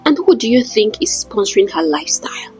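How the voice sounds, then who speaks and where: A woman's voice: mid-range voice, sing-song, a little fast, husky, soft background music, poor audio. A woman voicing a vain, jealous rich woman who snaps and boasts in a storybook tale. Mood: angry, snapping. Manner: snappish, demanding, boastful.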